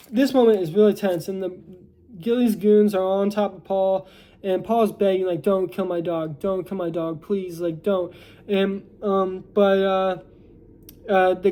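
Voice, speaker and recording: A man's voice: sits high, warm tone. A young American man recapping a movie plot in a casual, rambling way, full of fillers and restarts. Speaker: movie reviewer.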